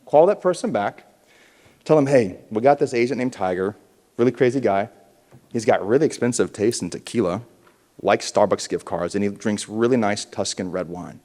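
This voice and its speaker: With a lowish, slightly mellow voice at a moderate pace, a man gives a punchy motivational keynote to a realtors conference. He stirs the audience to respond aloud, and the large indoor conference hall adds noticeable reverb.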